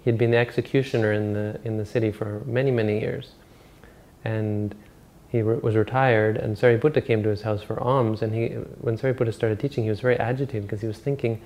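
Man, Buddhist monk, informal dharma talk, gravelly voice, flat delivery, halting restarts. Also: lowish voice, slight background noise. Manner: rambling, halting, many restarts and self-corrections.

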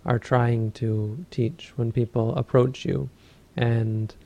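A man who teaches Buddhism, giving a dharma talk and telling a story in a calm, measured way. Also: medium pitch, creaky, muffled recording.

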